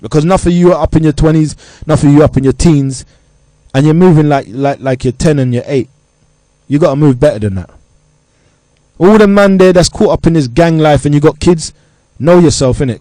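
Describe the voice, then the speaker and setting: A man's voice: medium pitch, dark tone, no echo. A middle-aged man hosting a show, delivering a blunt, impassioned lecture to young people in street slang. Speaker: show host addressing youth. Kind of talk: impassioned monologue.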